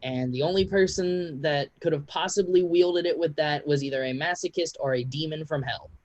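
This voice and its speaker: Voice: medium pitch, moderate pace, darkish tone, close to an everyday voice. A game master voicing a chatty, proud male dwarf blacksmith who rambles with lots of ums and uhs. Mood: boastful.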